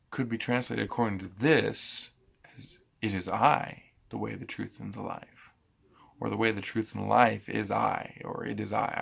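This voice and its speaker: A man with a low, heavily gravelly voice and a husky edge talks through a scripture passage. He thinks aloud, stopping and restarting his sentences as he teaches. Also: fairly bright tone. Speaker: preacher. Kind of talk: casual bible teaching.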